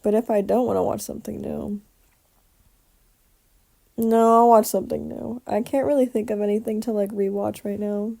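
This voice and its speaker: A woman's voice: mid-range voice, steady tone, normal speed, vocal fry, long pauses, mellow. A young adult woman talking casually through her day in a rambling, chatty way, swearing now and then. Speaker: vlogger. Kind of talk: casual daily vlog.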